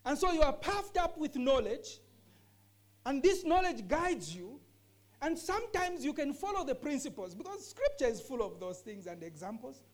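Woman, scripture teacher in a discussion; earnest, emphatic, repeats points, lively pitch. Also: moderate pace. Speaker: bible teacher.

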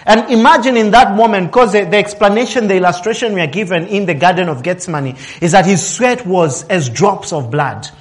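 A man's voice: high voice, fairly quick, hardly any pauses. A man preaching a sermon, swinging his voice up and down for emphasis, acting out quotes and laughing now and then. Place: office worker.

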